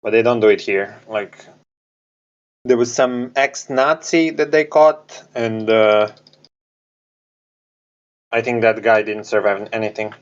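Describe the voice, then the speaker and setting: Halting man on a dull, lo-fi mic. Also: fairly low pitch, steady tone. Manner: halting, slightly non-native phrasing, dry irony. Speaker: podcast co-host. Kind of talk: casual chat.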